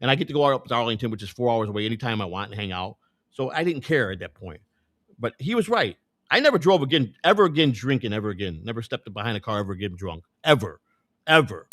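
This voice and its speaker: A man's voice: mid-range voice, lively intonation, quick pace, a bit bright, no room sound, clean studio sound. A man hosting his own show, telling a long personal story in a loose, rambling way, swearing often and restarting his sentences. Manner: rambling, profane, repeats words and restarts. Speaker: show host. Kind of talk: casual storytelling.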